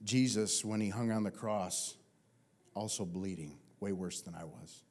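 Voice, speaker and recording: A man preaching a sermon as pastor, telling a comic personal story with lively swings and self-mocking humor. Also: on the low side, a little slow.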